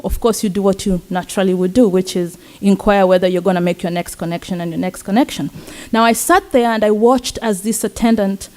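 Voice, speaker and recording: A young Kenyan woman, a student, telling a personal story at a campus talk event in an earnest, warm way with soft laughs. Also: mid-range voice. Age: young adult. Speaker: student speaker. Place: event stage.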